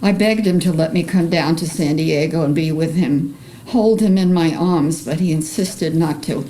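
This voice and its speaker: An older woman with a Bronx accent, an artist reading a personal memoir aloud in an earnest, emotional, measured way. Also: low voice, warm tone, rough recording. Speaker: artist presenting her paintings.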